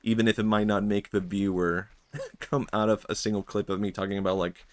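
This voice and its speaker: A man's voice: lowish voice, a little fast. A man streaming, talking in a rambling, reflective way, full of filler words and frequent laughs. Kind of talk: casual stream chat.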